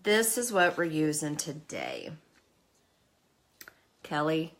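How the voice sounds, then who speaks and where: A woman's voice: low voice, wildly swooping pitch, slow pace. Chatty emotional woman on a makeup livestream. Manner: chatty, emotional, self-deprecating, talks to viewers by name. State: tearful at times. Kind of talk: casual live makeup chat.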